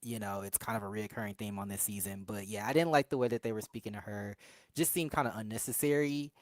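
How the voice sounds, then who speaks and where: A woman's voice: a bass voice, quick pace, darkish tone, no room sound. Chatty woman recapping with laughs. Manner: chatty, laughing, acts out quotes in asides. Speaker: podcast co-host reviewing a reality show. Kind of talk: casual recap chat.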